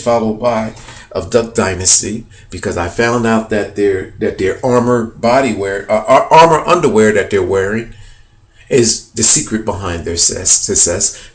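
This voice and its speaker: A man excitedly pointing out hidden faces in pictures to his viewers, rambling with many fillers and repeats. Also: mid-range voice, a little hiss or hum. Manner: addresses viewers as "people". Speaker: video host. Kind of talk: excited conspiracy commentary over images.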